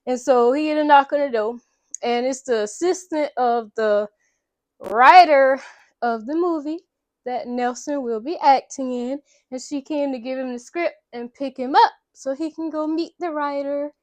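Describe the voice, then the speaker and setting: A woman's voice: high voice, unhurried, no echo. A woman vlogger chatting through a casual movie recap in a slangy, rambling way. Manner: chatty, slangy, full of blah blah.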